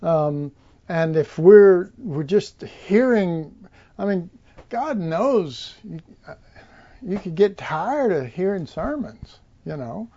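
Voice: medium pitch, sing-song, slow, warm tone, highs cut off. A preacher giving an informal Bible teaching, rambling with many fillers and restarts.

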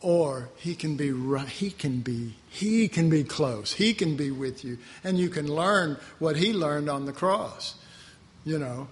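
A man's voice: a little high, expressive, measured pace. Folksy preacher man in a reverberant hall. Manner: folksy, chuckling, acts out voices in the story. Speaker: pastor. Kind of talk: conversational sermon.

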